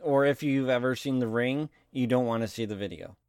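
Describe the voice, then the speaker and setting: A man on a podcast dropping quick jokey asides with the odd um. His voice is smooth and clear at a middle pitch. The sound is dry and close. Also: darkish tone, no room sound. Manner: jokey asides with filler ums. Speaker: podcast co-host. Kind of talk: casual chat.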